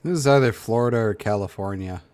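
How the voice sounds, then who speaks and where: Blunt, low-voiced man in his thirties. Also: fast, a little mellow. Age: 30s. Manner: blunt, exasperated asides. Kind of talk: casual side comments.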